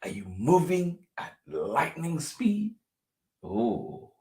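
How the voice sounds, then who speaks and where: Slow, lively man reading to children. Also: a little high. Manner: playful, expressive, drops to whispers. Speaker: children's story time host. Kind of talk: reading a picture book aloud to children.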